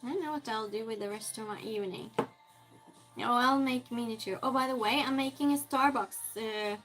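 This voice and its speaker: A woman's voice: fairly high pitch, moderate pace, music in the background, rough recording. A woman chatting casually with her live-stream viewers and answering their messages as she moves things around her small space. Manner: chatty, reads and answers chat while moving things around.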